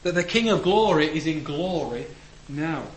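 A man's voice: expressive, moderate pace. Earnest man preaching in an echoey church. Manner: earnest, with sudden emphatic rises and trailing low phrase ends. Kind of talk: sermon. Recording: echoey room with faint background noise.

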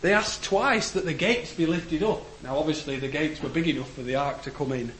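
A man preaching a sermon in a church, earnest, rising to emphatic declarations and letting phrase ends fall low. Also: fairly quick, fairly bright tone. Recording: echoey room with faint background noise.

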